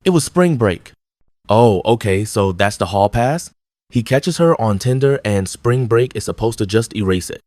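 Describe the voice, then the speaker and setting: A man's voice: on the low side, expressive, normal speed, a little mellow, no room sound. A man giving blunt, mocking scripted commentary on viral clips. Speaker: reaction commentator.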